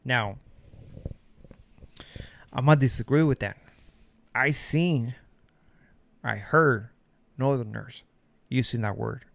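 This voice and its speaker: A man's voice: medium pitch, takes it slowly, creaky, long pauses, fairly bright tone. A middle-aged man from Mexico giving a blunt, slangy commentary monologue. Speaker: commentary streamer.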